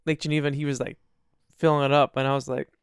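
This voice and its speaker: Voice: mid-range voice, level tone, vocal fry, clean tone, no room sound, studio quality. A podcast co-host in easygoing casual chat, with teasing asides. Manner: laid-back, quick reactions and teasing asides. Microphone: studio dynamic mic.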